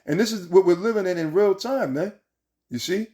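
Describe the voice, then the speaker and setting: A man's voice: sits high, moderate pace, warm tone. A man preaching informally from scripture in a heated, profane way, repeating himself and ending lines with "man" and "right?".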